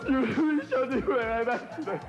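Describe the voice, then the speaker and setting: A wailing falsetto voice. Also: male voice, animated, a little fast, lo-fi sound, over a noisy crowd. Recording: echoey archive clip with loud music. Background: loud music.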